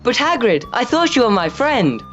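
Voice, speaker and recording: A man's voice: very high voice, sing-song, moderate pace, fairly bright tone, full character voice. Man playing a meek schoolboy, polite, timid, lo-fi audio, faint music.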